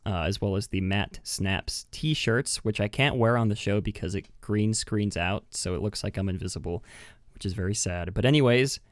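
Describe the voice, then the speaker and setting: Speaking at normal speed in a lowish voice, this man hosts a laid-back podcast chat, self-mocking and frequently laughing at his own jokes. Though he uses a webcam mic, the sound is studio quality with no echo.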